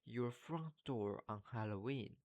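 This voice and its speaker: A man reading aloud as a brisk, sensible schoolgirl who speaks quickly and wearily. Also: mid-range voice, a little mellow, lightly acted. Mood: earnest. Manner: hurried, weary.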